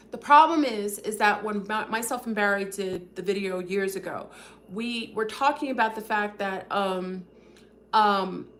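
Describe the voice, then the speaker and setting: A woman hosting a casual livestream, talking fast and rambling with many fillers while addressing her viewers directly. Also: mid-range voice, a bit bright. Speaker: livestream host.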